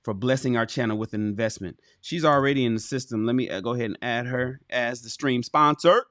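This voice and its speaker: A man's voice: medium pitch, brisk, dry recording, studio quality. A man hosting a livestream, reading aloud from a relationship book and breaking off into blunt, profane commentary aimed straight at his viewers. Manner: animated, profane, emphatic, addresses chat directly.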